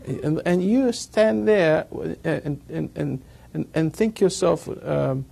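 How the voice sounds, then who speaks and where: A man's voice: a little high, takes it slowly, vocal fry, mellow, husky. A man giving a rambling talk to a live audience, chuckling at his own jokes as he tells stories. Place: evening gathering with an audience.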